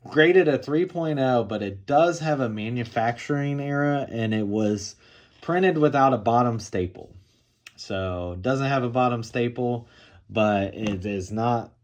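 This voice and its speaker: Laid-back man chatting through his comic haul. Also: lowish voice. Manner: relaxed, rambling, with frequent fillers and "all right". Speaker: comic book collector showing his haul. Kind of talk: casual show-and-tell vlog.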